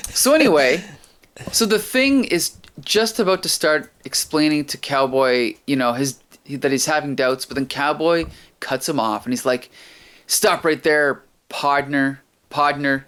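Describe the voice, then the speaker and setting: A man co-hosting a casual podcast, retelling a comic in a rambling, animated way with laughs. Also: on the high side, moderate pace. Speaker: podcast co-host.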